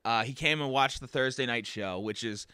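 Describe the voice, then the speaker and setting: A man's voice: mid-range voice, normal speed, sharp tone, clear, resonant tone, dry recording, studio quality. A man, a comedian and open mic host, chatting casually on a podcast and rambling with lots of fillers. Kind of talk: casual podcast chat, storytelling.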